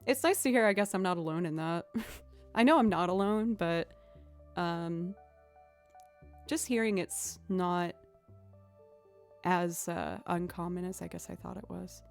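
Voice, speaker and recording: A woman's voice: on the low side, a little slow, vocal fry, long pauses, soft background music. Chatty young woman streamer. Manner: chatty, rambling, many "like"s and "um"s. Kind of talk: casual chat with viewers.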